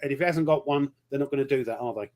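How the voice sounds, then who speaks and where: A man's voice: medium pitch, rapid-fire, a little mellow. A man in his forties with an English accent, chatting casually as a podcast guest in a rambling, jokey way. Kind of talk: casual chat.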